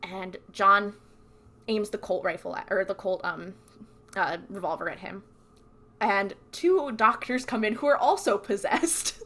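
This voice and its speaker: A woman's voice: mid-range voice, measured pace, fairly bright tone. A woman co-hosting a podcast, casually recapping TV episodes in a chatty storytelling way and acting out the characters' lines. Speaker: podcast co-host.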